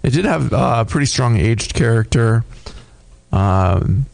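A man co-hosting a beer podcast, casually describing a tasting in a thoughtful, halting way with many fillers. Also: mid-range voice, expressive, gravelly, darkish tone, no room sound. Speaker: podcast co-host reviewing beer.

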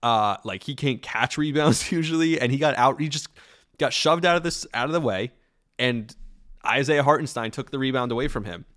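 A man hosting a podcast, giving casual, opinionated sports commentary in an animated way. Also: medium pitch, normal speed, no echo, studio quality. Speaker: podcast host.

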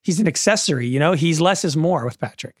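A man's voice: on the high side, lively intonation, fast talker, slightly rough, dry recording, studio quality. A man in his twenties co-hosting a podcast in casual chat, who talks with enthusiasm and acts out scenes as he retells them. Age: 20s. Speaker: podcast co-host.

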